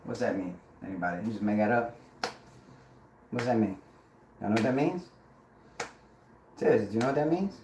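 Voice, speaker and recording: A man's voice: on the low side, brisk, pauses often. A man hosting a livestream, chanting rhythmic nonsense words and ranting at his viewers in a profane, confrontational way. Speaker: livestream host. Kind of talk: rambling livestream monologue. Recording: roomy echo with clear background noise.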